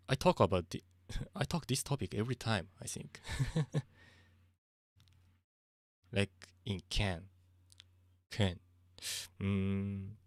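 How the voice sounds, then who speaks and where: A Japanese-accented man with a deep, low voice talks casually on a livestream. His English is halting and he chuckles often. The sound is dry and close. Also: no echo. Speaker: streamer.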